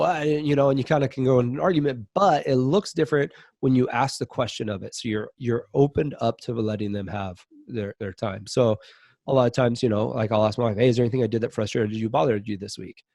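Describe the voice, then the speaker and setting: A man's voice: medium pitch, normal speed, dark tone, dry recording, studio quality. A man speaking as a podcast guest in a casual interview, earnest and reflective as he talks openly about his own life.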